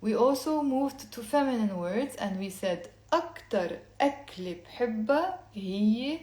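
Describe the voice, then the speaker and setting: A woman teaching a language lesson, explaining step by step and repeating words slowly for learners to say along. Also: fairly high pitch, animated, darkish tone, echoey room. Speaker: Lebanese Arabic teacher.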